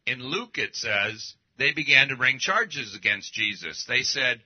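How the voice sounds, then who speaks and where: Animated preacher man, lo-fi sound. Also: mid-range voice, unhurried, hardly any pauses, husky. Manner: emphatic, lively preaching with rhetorical questions. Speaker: pastor. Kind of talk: sermon.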